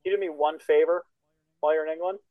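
A man co-hosting a casual comedy podcast, excitable and teasing, swearing often. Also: on the high side, very fast, phone-quality sound, a crowd in the background. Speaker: co-host, comedian. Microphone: remote call. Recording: dry remote call audio.

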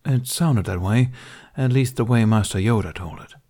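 A man's voice: mid-range voice, normal speed, dark tone, pitched above the performer's own voice, natural voice. A man voicing a grown male Jedi who speaks in a formal, earnest way. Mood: warm.

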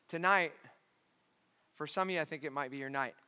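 High bright-voiced pastor preaching in a hall. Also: male voice, a little fast, clear, resonant tone. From California. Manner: animated storyteller, acts out voices, shouts at climaxes. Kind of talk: sermon with acted-out story. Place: large church.

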